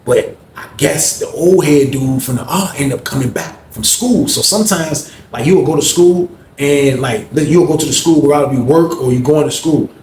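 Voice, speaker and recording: A man's voice: fairly high pitch, moderate pace, few pauses, darkish tone, slight background noise. A man casually telling a story in slangy, rambling speech. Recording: roomy echo.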